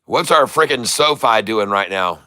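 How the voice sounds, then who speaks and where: A man's voice: fairly low pitch, lively intonation, moderate pace, sharp tone. An older man hosting a day-trading livestream, chatting casually and joking while he reads viewer comments. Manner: chatty, jokey, laughs often, folksy. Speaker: livestream host, day trader. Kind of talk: casual live-stream chat, reading comments.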